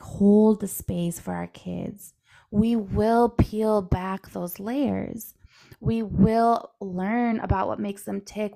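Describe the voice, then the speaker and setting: Chatty woman with a gravelly edge. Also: medium pitch, a little mellow. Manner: chatty storyteller, many "like" fillers. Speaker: podcast co-host. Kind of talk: casual chat.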